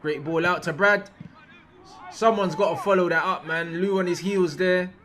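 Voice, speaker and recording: Over football clips, a young guy offers casual slang-filled reactions, looping back on the same phrases and shouting when something big happens. He sits high in pitch, keeps his intonation fairly even, and speaks at normal speed.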